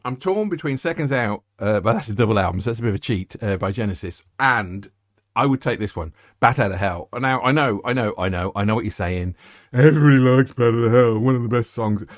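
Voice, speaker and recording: A man's voice: medium pitch, expressive, fairly quick, dry recording, clean studio sound. A middle-aged man hosting a music show, rambling, joking and interrupting himself. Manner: rambling, jokey, self-interrupting. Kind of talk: casual chat.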